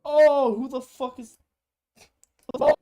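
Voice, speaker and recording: Male gamer, quiet muttering, under-breath swearing, mid-play. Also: extremely high pitch, steady tone, takes it slowly, very noisy. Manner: quiet, half-muttered, profane. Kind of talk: muttering while playing a game.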